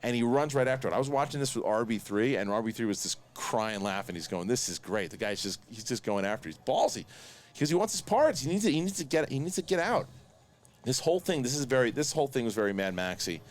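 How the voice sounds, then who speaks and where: A man hosting a casual watch-along review, talking excitedly in quick bursts and laughing often. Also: medium pitch. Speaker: host.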